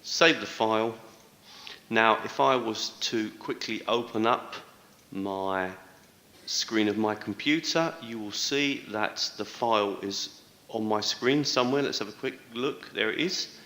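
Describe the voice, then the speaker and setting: A man's voice: on the low side, a little slow, bright, forceful tone, reverberant, long reverb tail. A man narrating a recorded screencast tutorial for teachers, explaining step by step and carefully stressing words. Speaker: teacher trainer. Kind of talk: screencast tutorial played back.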